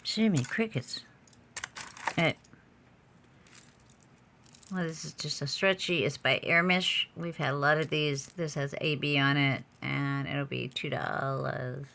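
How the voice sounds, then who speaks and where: A woman's voice: low-pitched, steady tone, measured pace, gravelly, pushed and bright, a little hiss or hum. A woman selling jewelry in a casual vlog from a room at home, chatty and muttering to herself with frequent exclamations. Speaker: online jewelry seller. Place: home room with door open.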